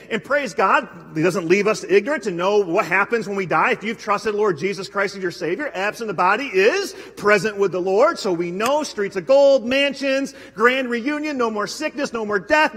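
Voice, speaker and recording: A high-voiced man preaches in an animated style, breaking into acted-out quotes and restarting phrases often. His voice is slightly husky and rings out with a long reverb through a large church sanctuary. The delivery is a live sermon. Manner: animated, acts out quotes with big pitch swings, many restarts. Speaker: pastor.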